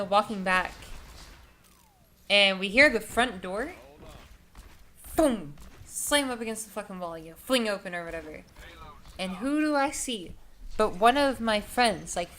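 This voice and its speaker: A young adult woman tells a story casually, rambling and swearing, her speech heavy with "like" and "you know." Her voice is medium in pitch and a bit bright, with a little hiss or hum in the recording.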